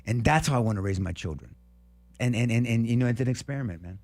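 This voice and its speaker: A man's voice: medium pitch, expressive, fast talker, darkish tone. Fired up guy preaching on a talk panel, plain middle voice, keeps stumbling and repeating himself. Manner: fervent, preachy, repeats words when worked up. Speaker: talk show co-host. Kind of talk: passionate opinion monologue.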